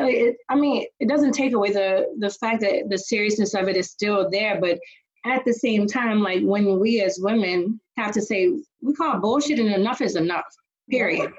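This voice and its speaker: A woman's voice: mid-range voice, moderate pace, breathy edge, muffled recording. A woman co-hosting a podcast in casual chat, giving earnest advice. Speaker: podcast co-host.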